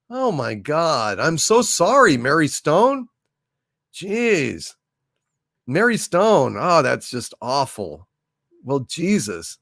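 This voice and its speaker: Male comedy stream host, lively and rambling, swears casually; dry, close sound. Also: on the high side, slow, vocal fry, dry recording. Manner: blunt, rambling, animated, swears freely. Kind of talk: casual chat reading viewer messages.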